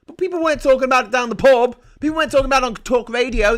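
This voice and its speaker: A man's voice: extremely high pitch, very fast, few pauses, fairly bright tone. A man hosting a livestream, giving profane, heated and indignant political commentary into a desk mic. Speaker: livestream host.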